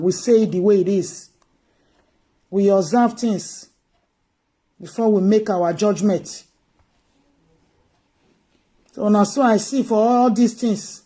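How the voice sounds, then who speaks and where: A Nigerian woman with an Edo-inflected Pidgin English accent delivers emphatic political commentary on a livestream, repeating her key phrases. Her mid-range voice is warm, and she speaks slowly with frequent pauses.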